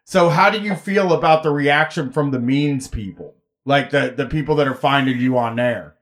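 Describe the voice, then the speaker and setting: A man's voice: medium pitch, moderate pace. A man hosting a podcast, chatting casually in a rambling, wry way with many restarts. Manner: rambling, self-interrupting, wry. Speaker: podcast host.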